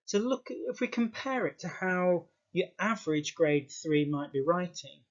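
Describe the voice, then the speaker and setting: A male British English teacher walks through an exam lesson at a very slow, deliberate pace, leaning on repeated words for emphasis. His voice sits a little high for a man. The recording sounds dull and lo-fi. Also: lively intonation.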